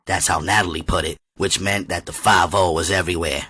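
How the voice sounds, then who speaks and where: A man reading a novel aloud as an audiobook reader, with steady, measured storytelling. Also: deep voice, slightly rough.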